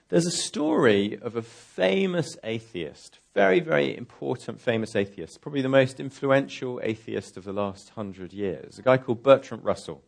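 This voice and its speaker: Man, sermon, gravelly, lively intonation, conversational, reflective. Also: mid-range voice, moderate pace. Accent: distinctive accent he says is real. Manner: conversational, reflective, rhetorical questions. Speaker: guest preacher.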